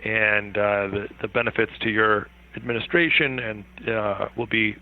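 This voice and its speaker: A man's voice: lowish voice, normal speed. Rambling man on a tinny phone line. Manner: animated, rambling, laughs easily. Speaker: guest. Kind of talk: interview over the phone.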